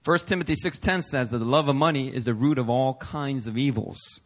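A male pastor preaching a sermon in a playful, animated way with casual slang. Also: medium pitch, brisk.

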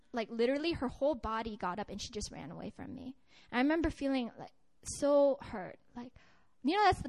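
A woman with a high voice preaches to a gathering in a casual, heartfelt way. She tells a personal story and often stops and restarts her sentences. Her tone stays earnest throughout. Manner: conversational and earnest, many restarts and fillers. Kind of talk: sermon with personal testimony.

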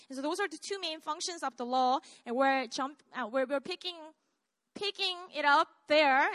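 A woman pastor with a Korean accent delivers a live church sermon in a high, bright voice. She stays chatty and self-deprecating and keeps turning to the congregation with questions. The sound is dry and close, with no room echo.

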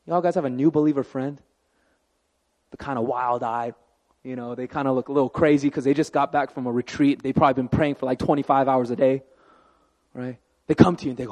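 A man preaching a sermon as pastor, animated and conversational, with asides to the congregation. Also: high-pitched, fast talker, in a large hall.

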